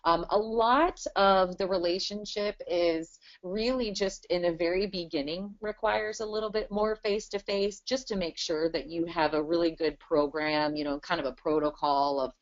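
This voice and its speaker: Woman, low voice, chatty, lots of fillers, business guest, dull lo-fi webinar sound. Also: steady tone, normal speed, hardly any pauses. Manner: chatty, many "you know" fillers. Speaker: business owner, interview guest. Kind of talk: casual webinar interview.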